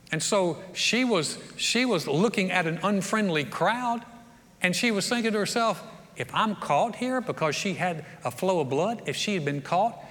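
Man, pastor, high voice, folksy preaching, long reverb. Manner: folksy, animated storytelling with acted-out quotes. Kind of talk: sermon. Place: church sanctuary.

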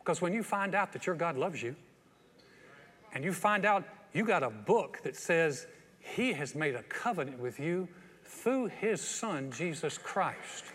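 Pastor, male, high voice, animated storyteller acting out scenes in a sermon, church sanctuary with long reverb. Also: measured pace, slightly rough. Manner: lively storyteller who acts out scenes.

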